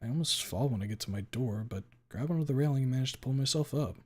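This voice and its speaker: A man streaming a first-person story reading, dramatic and expressive, with sudden loud outbursts. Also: medium pitch, fast, breathy edge.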